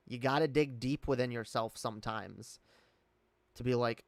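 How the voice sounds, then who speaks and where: A man's voice: medium pitch, animated, normal speed, a bit bright, no room sound. Candid swearing man with British put-on accent. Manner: candid, rambling, swears often; reads and answers chat. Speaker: streamer. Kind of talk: casual live-stream chat.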